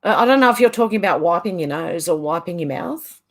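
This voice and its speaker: Her voice is lowish, expressive and quick as this middle-aged Irish woman runs a casual livestream. She chats, laughs often and reads viewers' comments aloud in a sing-song manner.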